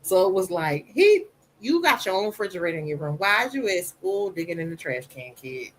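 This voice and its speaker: Soft-voiced woman, podcast guest, candid and personal, slips into quoted voices. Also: medium pitch, sing-song, a little fast, slight background noise, rough recording. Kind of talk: casual podcast conversation.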